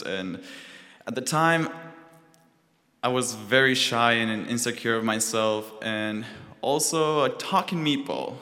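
A sixteen-year-old boy opens a personal story on stage, candid and slightly nervous, with "um"s along the way. His voice is bright and forward. A long hall reverb follows him, and faint noise hums underneath. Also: medium pitch. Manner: candid, a bit nervous, with fillers. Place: live stage before an audience.

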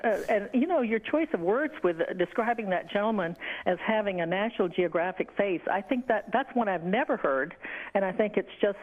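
A woman's voice: medium pitch, animated, a little fast. A woman from North Florida calls into a radio show, chatty and laughing often. Her voice comes through a dull, muffled phone line. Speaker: caller. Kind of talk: call-in conversation. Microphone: telephone line.

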